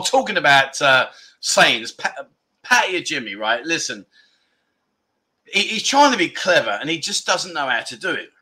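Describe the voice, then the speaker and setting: A man hosting a casual livestream, chatty and quick to laugh as he greets viewers and rambles through stories. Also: fairly high pitch, sharp tone. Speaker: livestream host.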